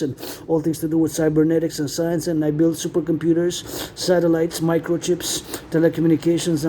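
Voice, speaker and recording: Man, high voice, rambling, repetitive, outdoors in the rain, faint background noise. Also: dark tone. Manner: rambling, repetitive, chants in bursts. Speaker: vlogger. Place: outdoors walking up a mountain in rain.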